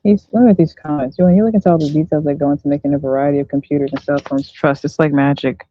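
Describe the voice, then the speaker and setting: An excitable woman hosting a casual chat, swearing freely and circling back over the same words. Her voice has a dull, dry sound. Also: deep voice, quick pace, dry recording. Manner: excitable, profane, repeats herself. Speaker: host.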